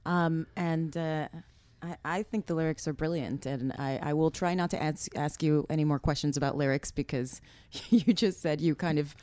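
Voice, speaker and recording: A woman's voice: sits low, steady tone, normal speed, few pauses, warm tone, dry recording. A woman interviewing a musician on the radio, playful and teasing. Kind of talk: casual interview. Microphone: radio studio mic.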